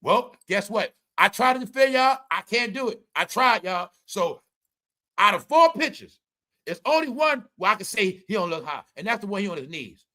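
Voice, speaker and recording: Male host, high bright voice, animated profane commentary. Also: moderate pace. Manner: animated, mock-courtroom ranting, profane. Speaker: show host.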